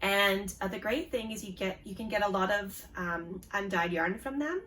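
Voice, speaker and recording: A woman's voice: mid-range voice, moderate pace, fairly bright tone, recorded from a distance, a little hiss or hum. A woman in her forties with a Canadian accent, hosting a knitting podcast in a casual show-and-tell chat, with lots of ums. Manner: chatty, with frequent ums and restarts.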